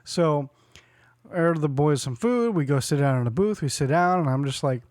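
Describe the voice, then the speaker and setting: A man in his forties tells a rambling story on a podcast and acts out every line of dialogue. His voice sits a bit high. The sound is dry and close. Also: normal speed, dry recording. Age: 40s. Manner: animated storyteller, acts out quotes, laughs often. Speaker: podcast co-host. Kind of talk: casual chat, storytelling.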